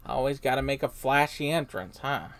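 A woman voicing a sarcastic male spiky creature in a dry, low-key way. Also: expressive, moderate pace, a little hiss or hum.

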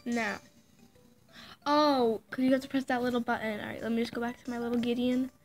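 A woman's voice: fairly high pitch, little pitch movement, brisk, faint music behind. A woman chatting casually while she plays a game, cooing to a little pet as she goes. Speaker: vlogger. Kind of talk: casual gameplay chat.

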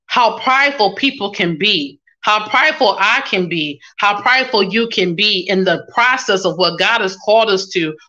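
Woman preacher reading scripture then preaching on it, bright voice, kinda dull lo-fi sound. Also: medium pitch. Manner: expository preaching, reads scripture then applies it with call-and-response asides. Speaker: minister. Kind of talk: sermon.

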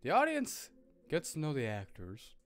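A man's voice: on the high side, huge pitch swings, moderate pace. A man streaming indie games and joking along, now and then reading the characters' lines aloud. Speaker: game streamer. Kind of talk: live game commentary.

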